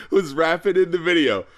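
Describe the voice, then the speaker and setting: A man co-hosting a podcast in casual chat, excitable, laughing often and acting out quotes. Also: fairly high pitch, moderate pace. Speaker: podcast co-host.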